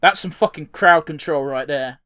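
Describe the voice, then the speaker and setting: A young man co-hosting a podcast, reacting in casual chat, excitable, swearing freely and laughing often. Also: fairly high pitch, moderate pace. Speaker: podcast co-host.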